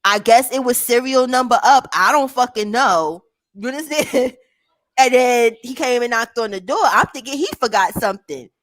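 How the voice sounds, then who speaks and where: Animated young woman telling a story. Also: on the high side, normal speed, no room sound. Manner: animated, swearing, acts out family members' voices. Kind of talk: casual storytelling chat.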